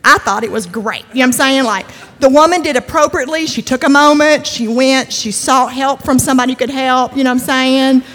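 A woman's voice: high-pitched, a little fast, few pauses, fairly bright tone. A woman giving a conversational, emphatic sermon-style talk at a church event, with humor and frequent asides. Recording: long hall reverb.

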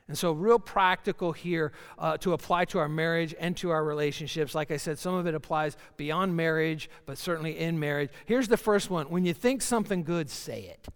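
A middle-aged male pastor preaches a sermon in a folksy, joking way, acting out little scenes with asides. His voice is on the high side with a clean tone, heard in a reverberant hall.

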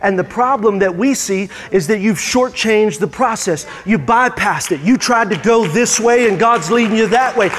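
A male pastor delivers a sermon, swinging into emphatic, rising bursts. His voice sits unusually high. A long hall reverb trails behind every phrase. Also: animated, normal speed, few pauses, fairly bright tone, some chatter behind, slight background noise.

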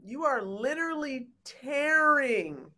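Animated, outspoken woman co-host. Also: sits high, takes it slowly. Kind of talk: casual chat.

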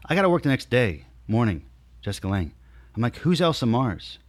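A middle-aged man recounting his acting work in a loose, animated way, cursing freely and jumping into other people's voices. His voice sits at an ordinary pitch. The sound is close and dry, with no room around it. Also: brisk, dry recording. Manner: animated, acts out quotes in other voices, swears. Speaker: actor telling stories. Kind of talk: casual interview chat.

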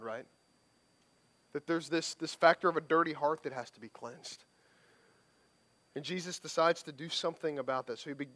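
A male pastor preaches a sermon in a casual, conversational way, often using tag questions to check in with the congregation and repeatedly restarting his phrases. His voice is fairly high-pitched with a fairly bright tone.

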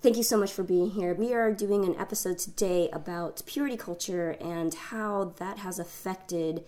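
Phlegmy sick-sounding woman hosting a podcast, kinda low, rambly and chatty. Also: moderate pace, warm tone. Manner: chatty, many fillers and restarts. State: phlegmy, recovering from illness. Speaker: podcast co-host. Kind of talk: casual chat.

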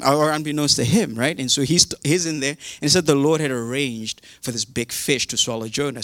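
Male preacher with a relaxed, humorous delivery and a mid-range voice. Dry, close sound. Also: medium pitch, dry recording. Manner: chatty and humorous, with modern slang. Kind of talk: casual sermon retelling a Bible story.

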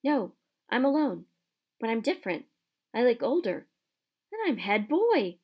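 Woman doing an excitable, loud young boy. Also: on the high side, unhurried, breathy edge, exaggerated voice. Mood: excited.

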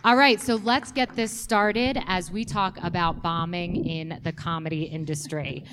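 A woman moderating a comedy festival panel, reading introductions in a clear, upbeat way. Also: on the low side, steady tone, measured pace, noisy background. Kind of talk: hosting a panel.

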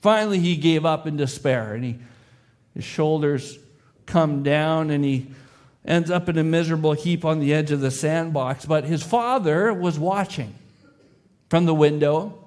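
Pastor telling a story, then praying. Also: male voice, on the high side, a little slow. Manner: voices the boy and father in his story, softening to a hushed prayer. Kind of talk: sermon with illustrative story and closing prayer.

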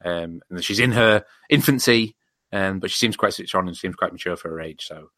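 Man, casual podcast chat, lowish voice, bright edge, dry close-mic sound. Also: brisk, dry recording. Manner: dry, teasing, rambling with many ums. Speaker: podcast co-host.

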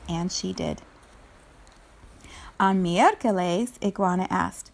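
A woman reads a children's picture book aloud in a relaxed, chatty way. She laughs often and stops to describe the illustrations between the lines of the story. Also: medium pitch, measured pace.

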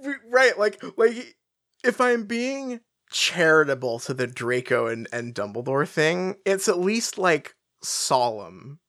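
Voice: mid-range voice, big pitch swings, slow pace, a bit bright, no room sound, clean studio sound. Rambling, profane podcast co-host. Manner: rambling, frequent fillers, profane. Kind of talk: casual chat.

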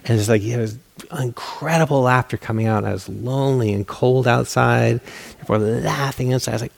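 A man's voice: mid-range voice, steady tone, a little fast, creaky. A meditation teacher giving a dharma talk, telling a story with candid, self-mocking humor and acting out his own inner voices. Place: meditation hall.

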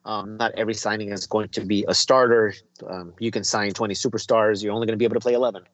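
A man's voice: fairly low pitch, steady tone, fast talker, no echo, highs cut off. A man co-hosting a casual soccer talk show, rambling with many ums and restarts. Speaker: podcast co-host.

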